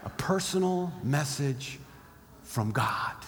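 A man's voice: fairly high pitch, expressive, slow, slight background noise. A pastor preaching a sermon in a conversational way, acting out the inner voices of his listeners. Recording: long hall reverb.

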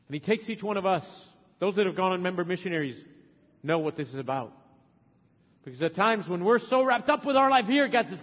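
A man in his forties preaching a sermon as a missionary, emphatic, swinging from loud urging to soft, tender asides. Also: high-pitched, animated, a little fast. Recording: long hall reverb, dull lo-fi sound.

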